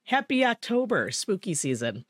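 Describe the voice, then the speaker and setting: A woman hosting a casual podcast, telling a long story in a loose, rambling way, swearing freely and laughing along. Her voice sits at an ordinary middle pitch and sounds dry and close, with no room around it. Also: sing-song, normal speed, dry recording. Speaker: podcast host. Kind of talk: casual chat.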